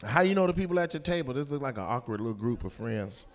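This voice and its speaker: A man doing loud, teasing crowd work as a stand-up comedian on a comedy club stage, with a handheld mic. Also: mid-range voice, expressive. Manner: loud, teasing, quick-jumping between voices.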